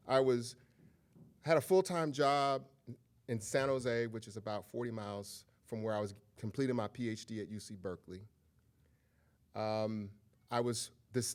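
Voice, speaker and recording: A middle-aged man speaks at a lecture in a candid, conversational way and often turns to the audience for a nod. His voice sits at a middle pitch. At times he leans into a humorous cadence that sounds like a preacher. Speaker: guest lecturer. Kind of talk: public lecture with personal storytelling.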